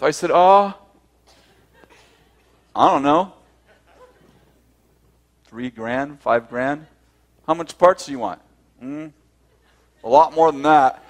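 A man's voice: fairly high pitch, expressive, slow, pauses often. A man telling a personal story to a group, acting out both sides of the conversations and often laughing as he speaks.

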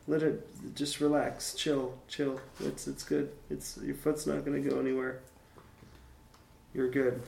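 A podcast host with a mid-range, gravelly, darkish voice delivers a flat, slightly slow, rambling monologue on his own show. He fills it with crude jokes and jokey asides aimed at his listeners.

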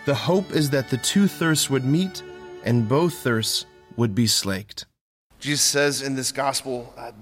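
A man's voice: mid-range voice, unhurried, soft background music. A man, a priest, giving an informal, earnest homily full of "like". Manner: earnest, informal, heavy use of "like". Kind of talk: conversational homily. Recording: long church reverb.

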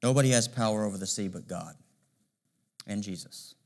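Emphatic preaching man. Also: on the low side. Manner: measured, emphatic preaching with rhetorical questions. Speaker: pastor. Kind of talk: sermon.

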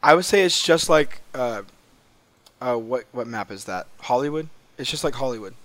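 A man co-hosting a casual gaming podcast, talking in a relaxed, rambling way. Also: medium pitch, normal speed, no echo. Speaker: podcast co-host.

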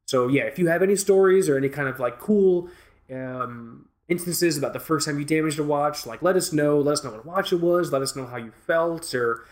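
A man's voice: a little high, a little fast. A man co-hosting a watch podcast in casual chat, rambling and joking with lots of fillers and restarts. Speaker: podcast co-host.

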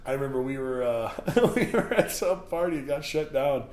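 A man's voice: mid-range voice, normal speed. Man telling wild party stories. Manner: profane, laughing, animated anecdotes. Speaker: guest DJ. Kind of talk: casual storytelling. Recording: echoey room, faint ambient noise.

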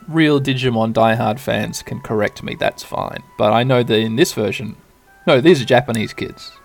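A man hosting a podcast, casually narrating a game playthrough in a relaxed, rambling way. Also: mid-range voice, normal speed, creaky, soft background music. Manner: relaxed, rambling, with filler ums. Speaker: podcast host.

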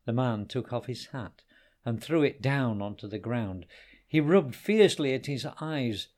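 A man reading a children's story aloud, with expressive storytelling. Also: mid-range voice, unhurried. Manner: expressive, varied storyteller delivery.

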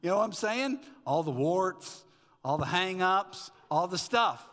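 Man, middle-aged pastor, storytelling sermon, bright ringing voice, reverberant church hall. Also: high-pitched, animated, a little slow. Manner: storytelling, conversational with asides. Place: church sanctuary.

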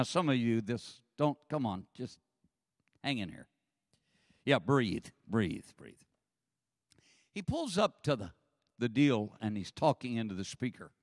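Animated preacher man, lively high voice. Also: no room sound, studio quality, long reverb tail. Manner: animated storytelling, acts out voices, laughs often. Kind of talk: sermon with humorous story. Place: church sanctuary.

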